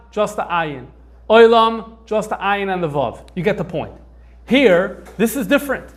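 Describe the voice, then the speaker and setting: High-voiced man lecturing with many fillers. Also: fairly bright tone. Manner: conversational, thinks aloud with frequent fillers. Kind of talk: informal lecture on manuscripts.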